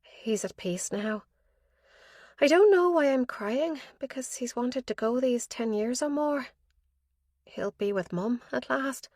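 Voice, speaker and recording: A fragile young woman worn down by grief, tearful and hesitant, as a woman narrator puts her on. Her voice sits higher and softer than the narration. The recording is close and dry, like a studio audiobook. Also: normal speed, no echo, lightly acted. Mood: grieving.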